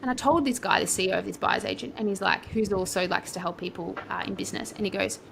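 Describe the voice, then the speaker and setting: Young aussie woman rambling on a podcast, bright tone, bit of hiss behind. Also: medium pitch, quick pace, creaky. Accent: Australian. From Australia. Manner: chatty, rambling, lively asides. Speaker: property coach, podcast guest. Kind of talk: casual storytelling interview.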